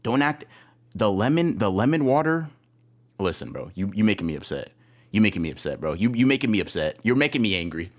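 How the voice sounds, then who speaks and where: A man's voice: lowish voice, big pitch swings, brisk. A man co-hosting a podcast, ranting in exasperation and swearing a lot in casual chat. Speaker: podcast co-host.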